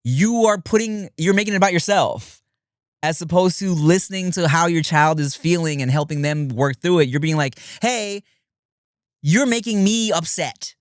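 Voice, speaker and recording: Animated man telling stories on a podcast, dry mic. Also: moderate pace, clear, resonant tone, dry recording. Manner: animated storytelling, acts out his kids in high voices; swears casually, laughs often. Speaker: podcast co-host. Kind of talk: casual podcast chat.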